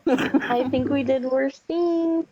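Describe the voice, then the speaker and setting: A woman talking slowly in a relaxed group live chat, her voice pitched a little high. She laughs often between remarks. The sound is dull and dry, like muffled stream audio.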